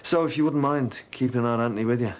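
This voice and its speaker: A man's voice: mid-range voice, fast talker, background noise, lightly acted. An actor playing a middle-aged father, confrontational and sarcastic in a TV soap drama. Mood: weary. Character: angry father of a teenage daughter.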